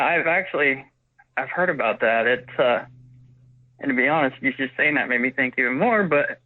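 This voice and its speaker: Caller, man, forties, somewhat high voice, rambling storyteller, thin phone-line sound. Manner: rambling, acts out quoted dialogue. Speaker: witness caller.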